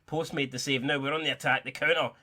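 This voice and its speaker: A young man giving excitable, sweary, joking play-by-play commentary while playing a football video game. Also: medium pitch, quick pace. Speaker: gaming YouTuber.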